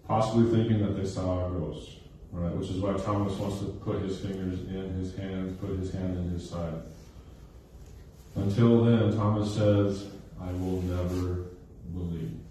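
A man with a low, warm, mellow voice preaches a sermon, pausing to ask "okay?" and "right?" and repeating lines for weight. He is heard from some distance in a very reverberant hall, with a faint hiss underneath. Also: steady tone. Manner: checks in with listeners with frequent "okay?" and "right?"; repeats phrases for emphasis. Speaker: pastor. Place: recreation center used for church service.

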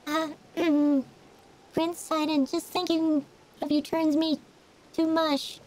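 A man voicing a young female fish fan who gushes with excitement. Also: very high-pitched, slow, poor audio. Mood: gushing. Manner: gushing and excitable. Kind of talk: voicing game dialogue on a stream.

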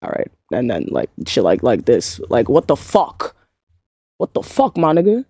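A woman's voice: a bass voice, wildly swooping pitch, normal speed, dark tone, slightly rough, dry recording, studio quality. A young woman chatting casually to her livestream chat, slangy and swearing, often laughing in disbelief. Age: young adult. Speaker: streamer.

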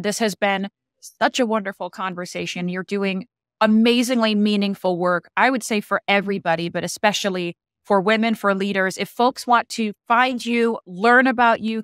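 A woman's voice: medium pitch, moderate pace, fairly bright tone, no echo, studio quality. A woman hosting a podcast, upbeat and encouraging as she interviews a guest. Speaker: podcast host.

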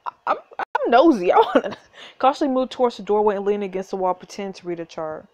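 A woman's voice: mid-range voice, big pitch swings, fast talker, a little mellow. Chatty woman reading a story game. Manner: chatty, laughing asides. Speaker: gaming channel host.

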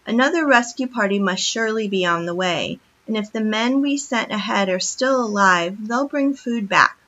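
Woman voicing a gentle weary pioneer father. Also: medium pitch, moderate pace, lightly acted. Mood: urgent. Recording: dull lo-fi recording.

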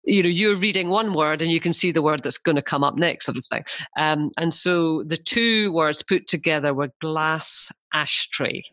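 A Scottish woman in her fifties, a broadcaster chatting candidly as a podcast guest and telling lively stories. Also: deep voice, moderate pace, no echo. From Scotland. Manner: candid, animated storyteller. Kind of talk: casual interview chat.

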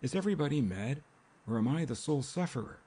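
A man playing an exasperated ironic gentleman. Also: medium pitch, animated, quick pace, breathy edge, pitched above the performer's own voice. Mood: indignant. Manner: ironic, indignant, articulate. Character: baffled, exasperated young gentleman.

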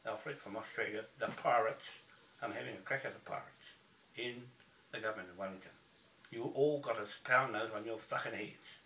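In an angry rant to camera, a man with a New Zealand accent swears combatively at someone he calls out by name. His lowish voice sounds pushed and bright at a moderate pace, and the recording is echoey and distant with faint noise.

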